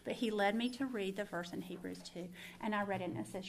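Gravelly-voiced woman giving testimony. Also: mid-range voice, fast talker, slight background noise. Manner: earnest, emphatic, confiding, repeats words for stress. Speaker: Christian speaker. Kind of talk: personal testimony sermon.

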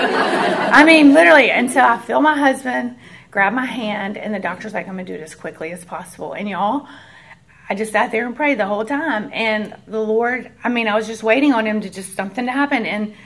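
A woman's voice: mid-range voice, brisk, creaky, fairly bright tone. A woman, earnestly sharing a personal testimony with a church group in a conversational way and acting out the voices of the people in her story.

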